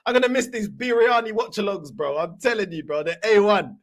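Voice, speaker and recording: A man hosting a football fan channel, reacting to clips with excitable, laughing, slang-heavy banter. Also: high voice, a little fast. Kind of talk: casual reaction commentary.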